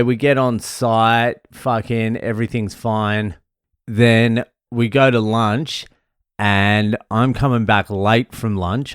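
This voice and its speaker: A man's voice: fairly low pitch, clear, resonant tone, no room sound, studio quality. An Australian man, a comedian hosting his own podcast, telling stories in a loose, swearing, casual way. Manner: loose, swearing, laughing storyteller. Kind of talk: casual storytelling monologue.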